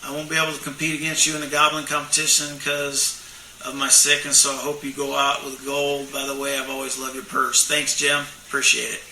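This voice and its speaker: A man's voice: medium pitch, monotone, fairly quick, pushed and bright, a little hiss or hum. A middle-aged man who makes turkey calls, reading viewer questions aloud and answering in a plainspoken, rambling way with lots of fillers. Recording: echoey room, mic far off.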